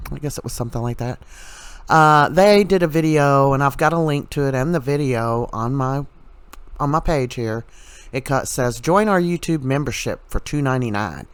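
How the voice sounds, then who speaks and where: A man's voice: mid-range voice, moderate pace, smooth, no echo. Sarcastic ranting man, dry close sound. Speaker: commentary channel host. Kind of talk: casual commentary vlog.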